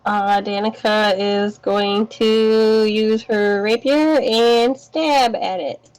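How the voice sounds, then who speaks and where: A woman's voice: mid-range voice, steady tone, slow pace, a little mellow, clear, resonant tone. A woman playing a tabletop game, stating her character's action playfully. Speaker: player. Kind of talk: casual game chat.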